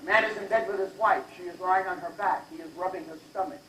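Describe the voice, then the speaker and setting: A man's voice: high voice, steady tone, fast talker, bright, forceful tone, a little hiss or hum. An older man doing stand-up, telling jokes in a brash manner and teasing the audience at a live venue. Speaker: stand-up comedian. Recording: echoey live hall from far off.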